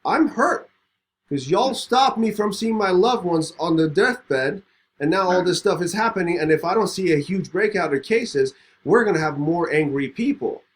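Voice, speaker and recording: A man's voice: high-pitched, normal speed. A man, a podcast host telling a personal story in casual conversation and acting out the voices in it. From Middle East. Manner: animated, acts out both sides of a story.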